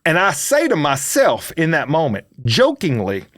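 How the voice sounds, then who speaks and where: A middle-aged man, co-hosting a podcast and telling a story in a casual, animated way that builds to loud outbursts. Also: a little high, normal speed, dry recording, clean studio sound. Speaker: podcast co-host.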